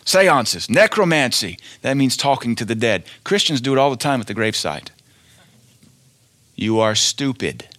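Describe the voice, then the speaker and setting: A man's voice: medium pitch, expressive, a little fast, few pauses, fairly bright tone, dry recording. A male preacher giving a fiery sermon, blunt and scornful, hammering each point with emphatic declarations.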